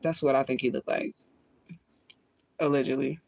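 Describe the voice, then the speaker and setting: A woman's voice: rumbling low, steady tone, moderate pace, creaky, darkish tone, no room sound. A woman, a spiritual medium, chatting casually on a livestream, reading viewer comments and talking bluntly with lots of swearing and laughter. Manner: blunt, profane, laughs often.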